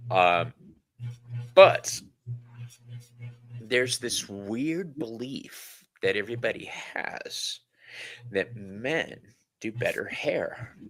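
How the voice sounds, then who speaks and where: Male host, casual and candid, animated delivery, laughs easily. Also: lowish voice, extremely slow, long pauses. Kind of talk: casual chat.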